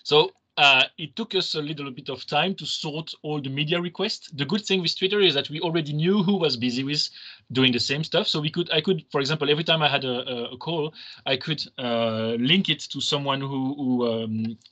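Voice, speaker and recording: A man's voice: on the high side, fairly quick, bright, forceful tone, rough recording. Hesitant man giving a seminar. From Belgium. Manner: hesitant, many restarts and fillers. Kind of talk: academic seminar talk.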